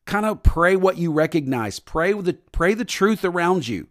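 A man preaching a sermon, stressing points with repetition and dropping to a soft voice at times. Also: a little high, lively intonation, moderate pace, hardly any pauses. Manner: preaching with emphatic repetition and sudden soft drops. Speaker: pastor.

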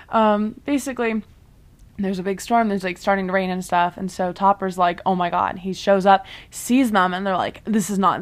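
A young woman vlogger chatting through a casual recap of a TV show, full of fillers and asides. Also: medium pitch.

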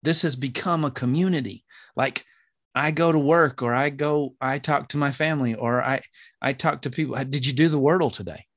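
Pastor, male, mid-pitched, thoughtful and hesitant delivery, dry close mic. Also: steady tone, moderate pace, fairly bright tone, no echo. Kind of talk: casual chat.

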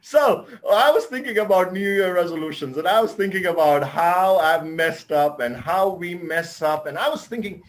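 A man's voice: high-pitched, lively intonation, normal speed, few pauses. A male pastor, preaching a sermon and telling humorous stories in which he acts out the characters' lines.

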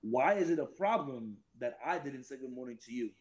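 A man, a Marine reservist, telling profane, animated stories as a podcast guest. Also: medium pitch, brisk, reverberant, low-quality recording. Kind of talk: casual storytelling chat.

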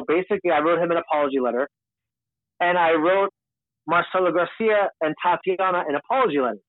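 A man's voice: on the high side, dry recording. Man rambling through a story on a tinny line. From Long Island, New York. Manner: candid, rambling. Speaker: podcast guest. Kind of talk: casual storytelling. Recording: tinny, dry phone-like sound.

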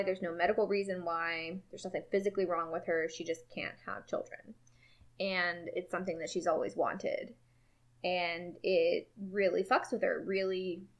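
A woman co-hosting a casual chat about a book and its film, talking freely and animatedly and swearing now and then. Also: lowish voice. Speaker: podcast co-host.

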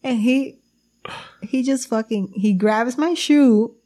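A woman telling animated stories in casual chat, switching between English and Spanish, swearing freely and often laughing. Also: fairly high pitch, slow. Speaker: girlfriend telling stories about her partner.

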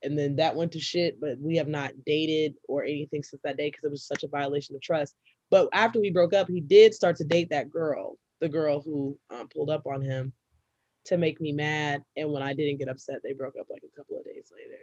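A young woman co-hosting a podcast tells a personal story in casual, profane chat, now and then bursting into loud laughter. Her voice is low-pitched and steady, a little fast, with no echo and a dull sound.

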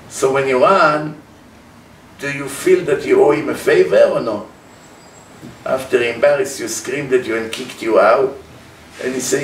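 A man giving an animated religious lecture, acting out dialogues and dropping verb endings, recorded from a distance in a roomy space with faint noise. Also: mid-range voice, normal speed, pauses often. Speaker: religious teacher. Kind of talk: Torah class lecture.

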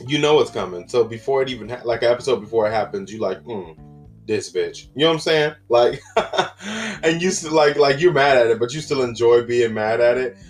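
A man's voice: mid-range voice, brisk, faint music behind. A man hosting a casual solo podcast, rambling and chatty with lots of fillers and exclamations. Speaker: podcast host.

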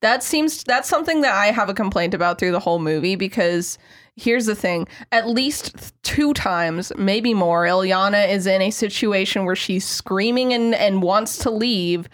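Woman, mid voice, chatty and quick to laugh, casual podcast talk. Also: mid-range voice, animated, fairly bright tone. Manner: quick, laughing, rises when making a point. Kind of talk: casual movie review chat.

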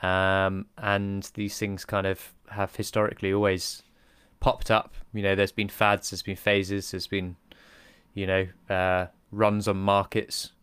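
A man's voice: low voice, monotone, a little slow, a bit bright, clear, resonant tone, no echo. A man co-hosting a casual podcast, easygoing and rambling, laughing often. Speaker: podcast co-host.

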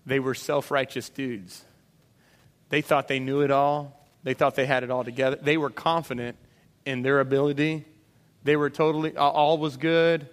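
A man preaching a sermon in a lively way, acting out voices of the people in the story as he goes. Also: mid-range voice, normal speed. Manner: animated, acts out voices of disciples and Jesus. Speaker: pastor. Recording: long hall reverb.

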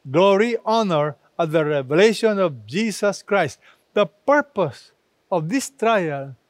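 Delivering a sermon, a high-voiced pastor takes his time, measuring his words and stressing every phrase. It's recorded up close and dry, with no room sound at all.

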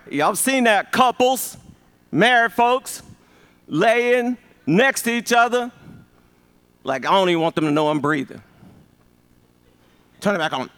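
A pastor in his fifties with a very high voice preaches an animated, joking sermon, calling on the congregation to respond.

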